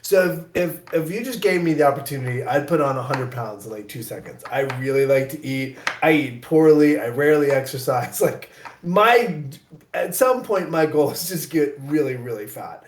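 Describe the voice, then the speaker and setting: A man from the American Midwest telling a rambling, self-deprecating story in casual chat, getting animated when he quotes himself. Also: on the high side, normal speed, echoey room, a little hiss or hum. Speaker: guest actor.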